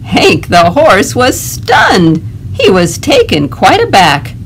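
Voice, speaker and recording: A woman librarian leading a toddler storytime, reading a picture book aloud in a gentle, animated way. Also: medium pitch, slow pace, a little hiss or hum. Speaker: children's librarian.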